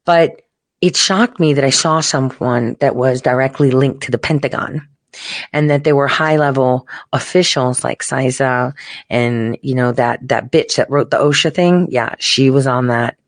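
Her voice rumbles low and moves a little slowly, with no room sound. A political commentator, she rants casually and profanely straight to her viewers, heated, emphatic and swearing freely.

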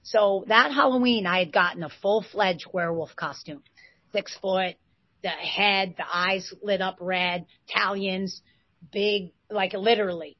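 Woman, 40s, animated storyteller; dry, slightly muffled recording. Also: mid-range voice, unhurried, no echo. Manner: lively, excitable retelling with bursts of loudness. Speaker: interview guest, former basketball player. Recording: dull, slightly lo-fi sound.

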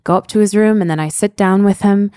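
A woman's voice: medium pitch, fast, warm tone, no room sound, clean studio sound. A woman in her thirties, a podcast co-host, speaking candidly and earnestly about parenting. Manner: earnest, candid, with fillers like "you know". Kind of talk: reflective podcast conversation.

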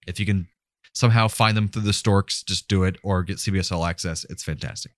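A man's voice: low voice, a little fast, no room sound, studio quality. A man co-hosting a nerd culture podcast, chatting casually and laughing easily. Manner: animated, laughs a lot. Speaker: podcast co-host. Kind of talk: casual chat.

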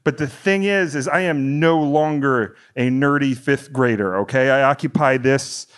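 A middle-aged man from the United States telling a long stand-up story, rambling and animated, his voice climbing high when he gets worked up. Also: normal speed, clear, resonant tone. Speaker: stand-up comedian.

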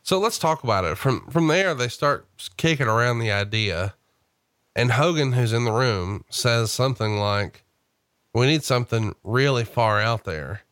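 A man's voice: mid-range voice, animated, moderate pace, fairly bright tone, no echo, clean studio sound. A man hosting a podcast, telling stories in a casual, chatty way and prompting his guest. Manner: chatty storyteller who reads out quotes. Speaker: host.

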